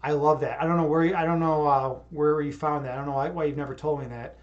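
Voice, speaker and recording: A young man livestreaming in a casual, hyped-up mood, reading out chat and reacting. He rambles, repeats words and laughs at himself. His voice sits a little high for a man. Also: steady tone, fast, dull audio. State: hyped up after yoga. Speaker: livestream host.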